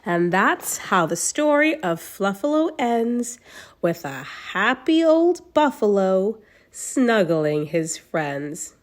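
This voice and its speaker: A young woman reading a children's picture book aloud in a gentle, expressive way, adding fond little asides to the story. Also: mid-range voice, slow pace. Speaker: storybook reader.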